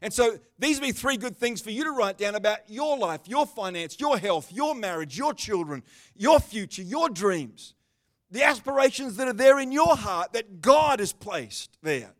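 High-voiced, animated male preacher. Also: normal speed. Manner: animated preaching, swings between loud bursts and calm asides; talks with the congregation by name, chatty and joking. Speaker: pastor. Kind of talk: sermon. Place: church service.

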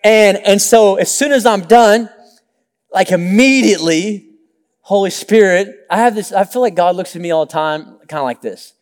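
High-voiced pastor preaching in a hall. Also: male voice, moderate pace. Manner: storytelling with acted-out quotes, joking asides. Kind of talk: sermon. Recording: long reverb of a large hall.

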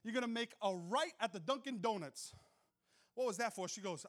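A male pastor preaching a sermon, telling funny stories and joking with the crowd, moving from soft asides to loud shouts. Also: high voice, a little fast. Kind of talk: sermon with humorous storytelling. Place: church hall with live audience.

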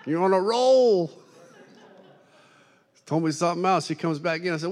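A man preaching a sermon, telling funny stories in an animated, self-deprecating way to a congregation. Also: fairly high pitch, normal speed, long pauses. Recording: long hall reverb.

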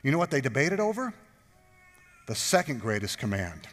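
A pastor preaching a sermon, joking and drawing the congregation in with questions. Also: male voice, mid-range voice, big pitch swings, moderate pace, a bit bright, big-room sound. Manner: jokey, talks with the congregation.

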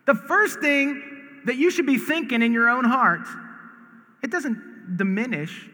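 A man from the United States preaching a sermon as pastor, earnest and emphatic, often repeating words and rising to shouts. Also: extremely high pitch. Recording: long reverb of a large hall.

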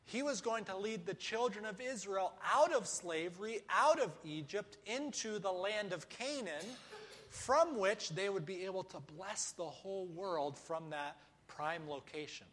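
Man, sermon, high-pitched, emphatic, repeats phrases, long echo. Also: expressive, unhurried, fairly bright tone. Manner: emphatic, rhetorical questions and repetition. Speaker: preacher. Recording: echoey hall.

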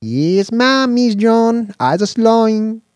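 A man's voice: extremely high pitch, lively intonation, slow, a little mellow, dry recording, pitched above the performer's own voice, full character voice. A man voicing a cheerful, grinning male hover-limo pilot who speaks broken English with a thick Mexican accent. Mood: enthusiastic.

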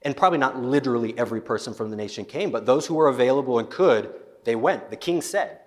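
A man's voice: medium pitch, animated, fast talker. Man preaching in a reverberant hall. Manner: storytelling, acting out biblical scenes, frequent repeated words. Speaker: pastor. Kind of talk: sermon. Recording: long reverb of a large hall.

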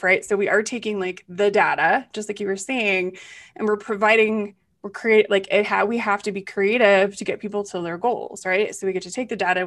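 Chatty animated woman host. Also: medium pitch. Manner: animated, chatty, many fillers like "right?". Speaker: podcast host, tax planner. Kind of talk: casual conversational interview.

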